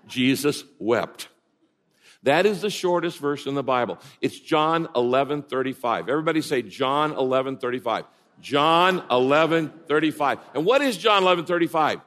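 A man preaching a sermon as pastor, animated and swinging from loud, high emphasis to hushed words. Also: moderate pace, in a large hall.

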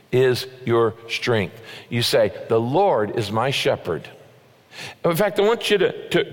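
A man preaching a sermon as a pastor, emphatic and rising in pitch on his key points. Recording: long hall reverb.

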